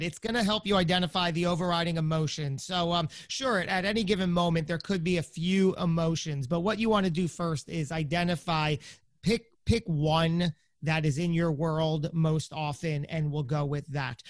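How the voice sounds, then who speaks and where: Brief: forties man, high voice, coaching guest, dry close sound, walks through steps. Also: dry recording. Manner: explains step by step, acts out inner thoughts. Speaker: podcast guest. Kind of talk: conversational coaching explanation.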